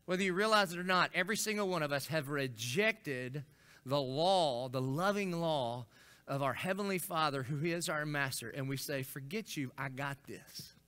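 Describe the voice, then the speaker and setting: A middle-aged man, preaching a folksy, animated storytelling sermon as a senior pastor. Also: a little high, normal speed, smooth. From Florida. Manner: folksy, animated storytelling with acted-out quotes and rising intensity.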